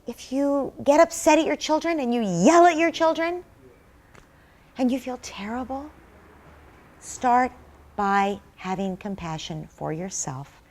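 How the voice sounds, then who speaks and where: Her voice is a little high, her pace measured, with long pauses, as this middle-aged parenting expert responds to an interviewer. Earnest and conversational, she explains everyday situations by acting out example dialogues.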